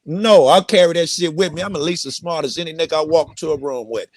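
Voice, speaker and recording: A man's voice: fairly high pitch, quick pace, no room sound. Fiery profane man, dry close sound. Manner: blunt, profane, impassioned. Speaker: host. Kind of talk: heated podcast debate.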